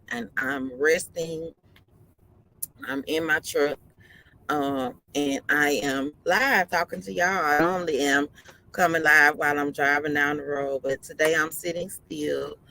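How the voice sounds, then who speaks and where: On a live stream from inside her parked truck, a tired woman driver talks casually, yawning and repeating her advice with earnest insistence. Her low voice carries vocal fry and a sharp tone, and the audio is poor.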